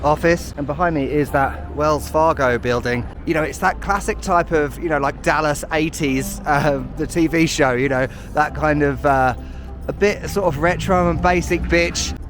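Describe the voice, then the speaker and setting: A man's voice: on the high side, normal speed, over music. A British man narrating a walking travel vlog outdoors on city streets, chatty and self-mocking with sarcastic asides. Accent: British English. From United Kingdom. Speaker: travel vlogger.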